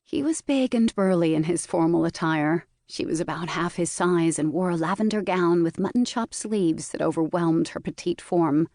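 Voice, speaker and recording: A woman narrating a historical mystery audiobook in a measured storytelling manner, recorded in a booth. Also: lowish voice, darkish tone, no echo, clean studio sound. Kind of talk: scripted narration.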